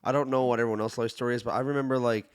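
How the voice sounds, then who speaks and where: A man, hosting a podcast and telling a personal story in a reflective, halting way, often restarting and growing quiet. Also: medium pitch, steady tone, clean tone. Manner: reflective, halting storytelling with many restarts, drops soft when sad. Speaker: podcast host. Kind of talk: casual conversation.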